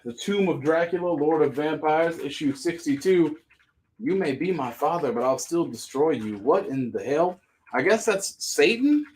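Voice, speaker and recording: Man, live-sale host, casual rambling jokes, slightly high voice. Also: lively intonation, normal speed, darkish tone. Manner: joking, rambling asides between listings. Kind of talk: casual live-stream selling.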